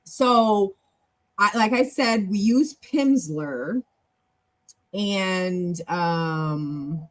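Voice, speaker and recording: Middle-aged woman, live-stream host, casual chat, quick and lively, leaps up in pitch, corrects herself on the fly. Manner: animated and chatty, with big jumps in pitch and loudness; talks fast, with self-corrections. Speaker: show host and club leader.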